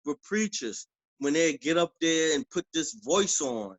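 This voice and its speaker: A man, an author and preacher, talking casually in an interview, with relaxed slang and frequent "you know what I'm saying". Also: fairly high pitch, a little slow, dry recording, poor audio.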